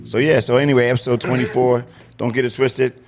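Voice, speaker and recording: A man co-hosts a relaxed podcast from a studio, talking in an easygoing, joking way. He tends to repeat his phrases as he chats. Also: mid-range voice, quick pace. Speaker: podcast co-host. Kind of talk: casual chat.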